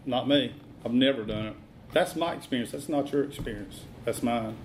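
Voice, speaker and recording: A middle-aged man giving a blunt, plain-spoken personal testimony at a recovery meeting, halting often with fillers. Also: mid-range voice, slight background noise.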